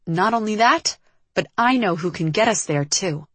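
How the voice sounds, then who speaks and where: A woman voicing a defiant, quick-tempered young woman who answers sharply. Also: medium pitch, animated, husky, no echo. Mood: assertive. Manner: sharp, retorting.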